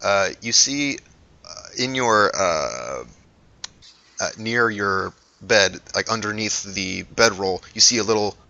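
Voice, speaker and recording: A man narrating a tabletop game as game master, halting and full of fillers as he describes scenes. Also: fairly low pitch, expressive, vocal fry, bright, forceful tone. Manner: hesitant, lots of ums and restarts while describing scenes. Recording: dull lo-fi recording.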